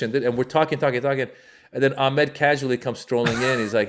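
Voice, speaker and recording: A comedian in his forties, born in Iran, telling a story in an animated way and jumping his pitch to act out the people in it. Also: quick pace. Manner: acts out quoted voices with big pitch jumps. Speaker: comedian guest.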